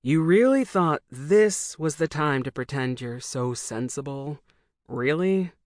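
A smug, good-natured young man who teases his friend, read by a woman narrator. The voice sits low and is recorded dry and close. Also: animated, moderate pace, no echo, natural voice. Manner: smug, teasing. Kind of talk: audiobook dialogue.

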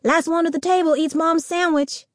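A woman reading an audiobook, voicing a secretive fifth-grade boy who talks in an urgent hush. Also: extremely high pitch, steady tone, moderate pace, no room sound, clean studio sound, pitched above the performer's own voice. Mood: eager. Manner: hushed and urgent when whispering.

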